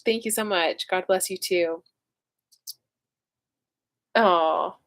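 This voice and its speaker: Female host, 30s, casual emotional live chat, lower voice. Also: slow. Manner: chatty, rambling, emotional. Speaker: livestream host.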